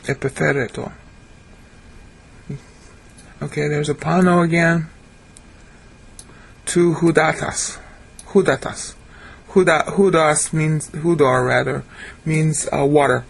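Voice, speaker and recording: A man giving a screen-share Bible lesson, sounding out Hebrew and Greek words slowly and correcting himself as he goes. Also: fairly high pitch, fairly even intonation, creaky. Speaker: Bible teacher.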